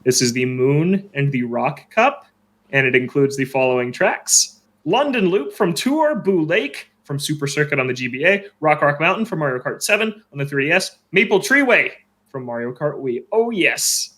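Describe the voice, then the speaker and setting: A man hosting a podcast, with quick wry remarks and a lively read of a news list. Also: a little high. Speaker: podcast host. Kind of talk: casual podcast chat and news rundown.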